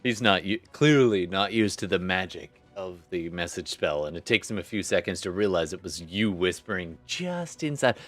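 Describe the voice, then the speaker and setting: A man's voice: deep voice, lively intonation, moderate pace, hardly any pauses, fairly bright tone, faint music behind. A man running a tabletop game as game master in a laid-back, chatty way.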